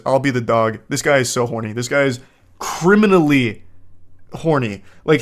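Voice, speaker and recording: A man in his thirties giving comedic commentary while reading text messages, mostly deadpan but breaking into incredulous outbursts. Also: a little high.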